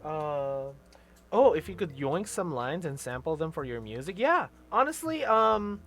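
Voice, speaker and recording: Lively playful streamer, faint music behind. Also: medium pitch, a little slow. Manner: playful, laughs often, trails off with fillers. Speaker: streamer host. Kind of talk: casual chat on a livestream.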